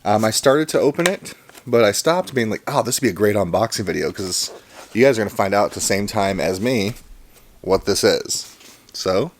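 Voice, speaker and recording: Chatty low-voiced man unboxing comics. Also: lively intonation, normal speed, a little hiss or hum. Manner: chatty, rambling, enthusiastic. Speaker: comic collector and channel host. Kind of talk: casual unboxing vlog.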